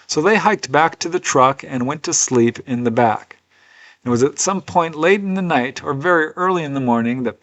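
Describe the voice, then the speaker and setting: In this clip, a man with a mid-range, slightly bright voice tells stories as a UFO researcher and author walking through cases. The narration is unscripted, earnest and conversational, dotted with personal asides.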